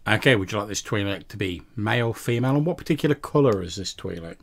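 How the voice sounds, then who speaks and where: A man's voice: on the low side, lively intonation, quick pace. A man narrating a tabletop role-playing game as game master, describing scenes with frequent small restarts.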